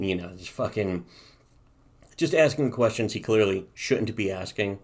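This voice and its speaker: A man with a slightly low voice co-hosts a casual podcast. He rambles and swears freely, with a dry, sarcastic edge. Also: lively intonation, moderate pace. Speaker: podcast co-host reviewing webcomics. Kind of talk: casual profane podcast chat.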